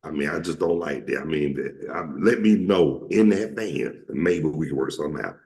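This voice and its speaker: A man's voice: a bass voice, lively intonation, normal speed, gravelly, darkish tone. A man from Atlanta with a Georgia Southern accent, hosting a casual chat and telling stories. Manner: storytelling, repeats himself, acts out quotes. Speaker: host.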